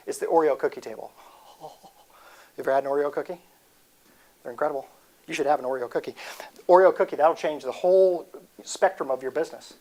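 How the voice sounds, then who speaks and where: A man in his forties giving a humorous motivational talk, rambling and joking and breaking off mid-sentence. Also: a little high. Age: 40s.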